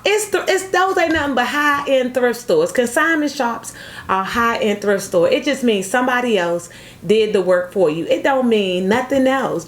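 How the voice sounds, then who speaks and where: A middle-aged woman chatting casually to camera about thrift finds, telling stories with animated energy and calling her viewers y'all. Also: fairly high pitch. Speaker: thrift vlogger. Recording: echoey room with faint noise.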